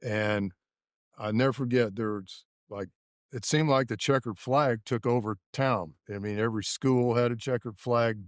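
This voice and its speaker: A man in his seventies from Indianapolis, a former race mechanic telling stories in a studio interview at a measured pace with many fillers. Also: fairly low pitch, dry recording. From Indianapolis, USA. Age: 70s. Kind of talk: casual interview storytelling.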